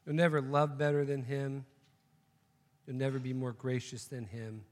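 A man's voice: medium pitch, level tone, moderate pace, darkish tone, big-room sound. A man preaching a sermon, telling a joke story and then making emphatic, repeated points. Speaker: pastor.

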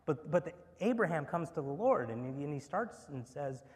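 A male pastor giving a sermon, reading scripture aloud and telling stories in an animated way, sometimes acting out the voices of the characters. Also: on the high side, normal speed. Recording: long hall reverb.

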